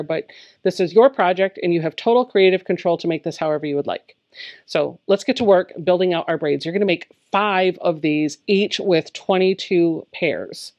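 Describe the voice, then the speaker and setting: A woman's voice: on the low side, darkish tone. A woman giving a step-by-step quilting tutorial, explaining each step plainly in a friendly, encouraging way. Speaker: quilting instructor.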